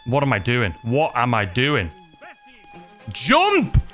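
A man's voice: mid-range voice, expressive, moderate pace, fairly bright tone, faint music behind. A young man commenting on his own gameplay, talking to himself anxiously and exclaiming often. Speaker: gaming YouTuber.

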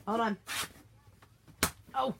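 A woman's voice: drawn-out words, very noisy. A woman hosting a live craft unboxing stream, bubbly and gushing, greeting viewers by name in casual chat from her desk at home.

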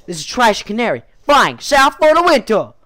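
A woman narrating her own gameplay in a let's play, excitable, with yelps and whoops, and losing her voice. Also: on the high side, normal speed, no room sound, studio quality. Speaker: gaming YouTuber.

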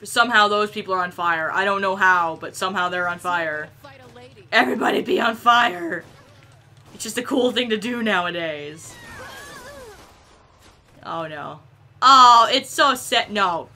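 A woman giving silly, animated let's-play commentary, chatting to the game characters as she plays. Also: mid-range voice, measured pace. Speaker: gameplay commentator.

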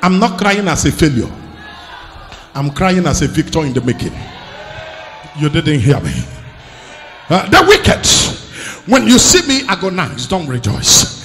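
A man preaching a charismatic sermon, shouting declarations and filling pauses with a repeated "uh", with faint music behind. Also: fairly high pitch, very animated.

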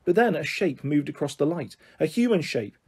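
A man reading a children's book aloud in a steady, expressive way. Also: a little high, moderate pace, husky. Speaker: narrator.

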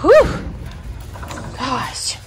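A woman from Western Kentucky with a Kentucky accent, chatting casually in a vlog and cooing sing-song at her dogs. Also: very slow. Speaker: vlogger. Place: outdoors by a lake and at home. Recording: noisy outdoor recording.

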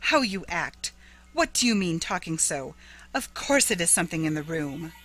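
A woman's voice: on the low side, very animated, normal speed, a bit bright. A woman voicing a stern, dry-tongued sister who answers curtly and rigidly. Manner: curt, rigid.

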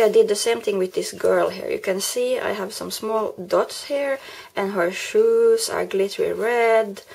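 A woman showing a handmade card she made, unhurried, often pausing to search for the right word. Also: mid-range voice, creaky, a little mellow, husky. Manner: unhurried, pauses to search for words. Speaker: craft vlogger. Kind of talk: card-making tutorial vlog.

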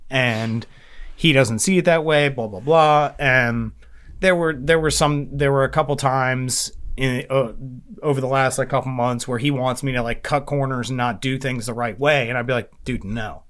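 A man talks casually on a recovery podcast. His voice sits at an ordinary middle pitch. He rambles, swears freely and keeps restarting his sentences as he tells a long story. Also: fairly even intonation, moderate pace, a bit bright, clear, resonant tone. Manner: rambling and profane, with many fillers and restarts. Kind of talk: casual chat.

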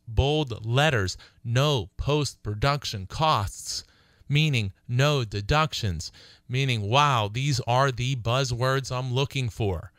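A middle-aged man hosting a radio show as an attorney, explaining lease terms emphatically and slowing to read contract wording aloud. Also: mid-range voice, fairly bright tone, dry recording, clean studio sound.

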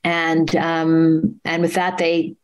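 A woman guest at a live talk, earnestly retelling a story with many pauses and restarts. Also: deep voice, monotone, poor audio. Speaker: author and interview guest.

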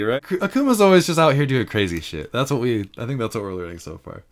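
A man co-hosting a podcast, chatting casually about fighting games with frequent laughs and loose filler words. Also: on the low side. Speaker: podcast co-host.

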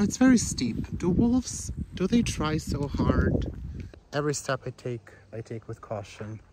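A man vlogging as he walks outdoors, talking to the camera in a jokey, dramatic way, with sudden high-pitched exclamations. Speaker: travel vlogger. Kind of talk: casual vlog narration. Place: outdoors, forest trail and riverside city. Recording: noisy outdoor camera recording. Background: outdoor ambience, flowing water.

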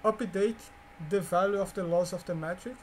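High-voiced man teaching code, halting. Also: slight background noise. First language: Portuguese. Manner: halting, repeats words, many fillers and restarts. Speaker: course instructor. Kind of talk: coding lecture walkthrough.

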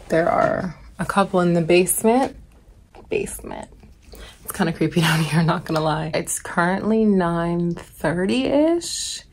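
A woman in her twenties, a medical student, talking casually and candidly to a handheld phone camera. She chats freely and fills her sentences with "like". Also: on the low side. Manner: chatty and candid, peppered with "like". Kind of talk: casual vlog chat to camera.

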